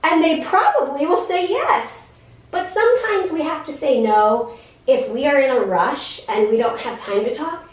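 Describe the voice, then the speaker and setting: A woman in her thirties explaining things to a class of children, in an animated, sing-song, teacherly way with many questions. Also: high voice, normal speed. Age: 30s. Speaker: guest speaker in a special education class. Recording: echoey classroom, voice from far off.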